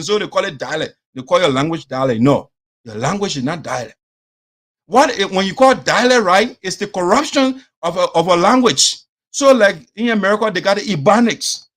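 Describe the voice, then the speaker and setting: A Liberian man with a high voice and a Liberian English accent hosts an opinionated commentary show. He speaks animatedly, mixes in phrases from his local language, and imitates the people he's discussing.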